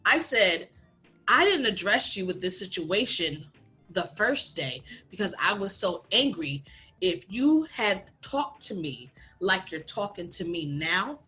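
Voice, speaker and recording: Bright-voiced animated Philly woman storyteller. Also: medium pitch, unhurried, faint music behind. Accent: Philadelphia. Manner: animated, candid storyteller, acts out quotes. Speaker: podcast co-host, bartender. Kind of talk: casual podcast storytelling.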